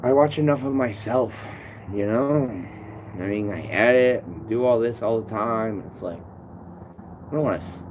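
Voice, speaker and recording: A man's voice: lowish voice, noisy background. A man chatting casually on a live stream, rambling and swearing freely as he answers viewers' comments. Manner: rambling, swears a lot, restarts sentences. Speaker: tree climber streaming to viewers.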